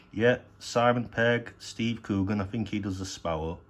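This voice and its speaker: A man's voice: lowish voice, moderate pace, slight background noise. A man casually showing his DVD collection at home, rambling and hesitant with frequent restarts and casual swearing. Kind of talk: casual unscripted show-and-tell.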